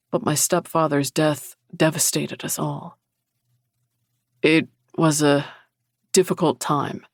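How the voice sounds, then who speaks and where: A man narrating a paranormal romance audiobook in the first person, with a low, even, intimate delivery. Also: no room sound, studio quality.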